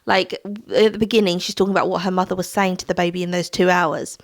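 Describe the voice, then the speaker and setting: A woman's voice: lowish voice, flat delivery, fast. A woman chatting about books in a monthly wrap-up, heartfelt and rambling with plenty of fillers. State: tearful at times. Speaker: book vlogger. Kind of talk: casual monthly reading wrap-up.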